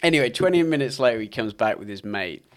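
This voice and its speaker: A man's voice: mid-range voice, expressive, fast talker. A young man co-hosting a podcast. He tells stories animatedly, swears freely and acts out the people he quotes. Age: young adult. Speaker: podcast co-host. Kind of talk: casual chat.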